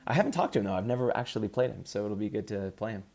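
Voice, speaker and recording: A man's voice: lowish voice, animated, very fast, vocal fry, darkish tone. A man in casual commentary, ranking competitive gamers in an upbeat, chatty way with frequent ums.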